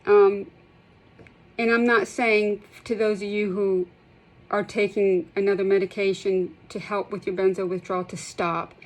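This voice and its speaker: A middle-aged healthcare provider with a drawl speaks straight to camera in an emotional vlog about her withdrawal experience. Her voice is at an ordinary middle pitch with a level tone and an unhurried pace, and the recording is rough. She sounds impassioned and shaky, holding back tears as she repeats and restarts her sentences.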